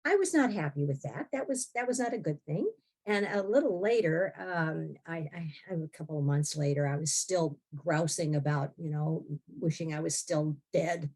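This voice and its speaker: A woman in her sixties, a podcast guest telling her own story in a wry, blunt way with frequent laughs. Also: on the low side. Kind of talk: candid personal storytelling.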